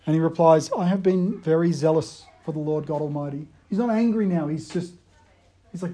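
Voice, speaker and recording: A man delivers a sermon in a conversational way. His voice sits high but sounds mellow and soft-edged. He swings between emphatic bursts and quiet, hushed retellings. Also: a little fast. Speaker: preacher.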